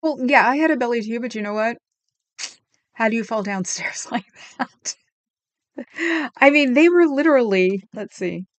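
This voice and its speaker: A woman's voice: a little high, expressive, normal speed, long pauses. A middle-aged woman hosting a livestream, chatting casually and sarcastically as she recounts a video and reads comments aloud, with frequent ums. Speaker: livestream host.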